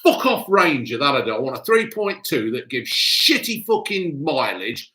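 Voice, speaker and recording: Male streamer, foul-mouthed ranter, bright, forceful voice. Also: mid-range voice, very animated, moderate pace. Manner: sweary, ranting, blunt. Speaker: livestream host. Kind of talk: casual live-stream chat.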